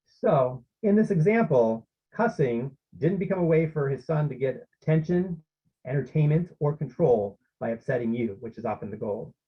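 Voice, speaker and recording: A man's voice: medium pitch, expressive, moderate pace, breathy edge. A man presenting a parenting workshop over a video call, in a conversational way with many fillers and restarts. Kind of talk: informal online workshop talk. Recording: slightly muffled lo-fi audio.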